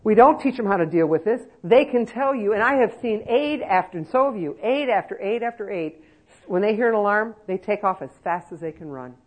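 A woman's voice: medium pitch, animated, a little fast, highs cut off. A woman giving a lecture to nursing-home staff, emphatic and conversational, with many rhetorical questions. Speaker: elder-care trainer.

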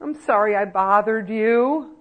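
A woman speaker voicing a frail, timid elderly woman who apologizes softly. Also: medium pitch, unhurried, phone-quality sound, lightly acted. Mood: apologetic. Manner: soft and apologetic.

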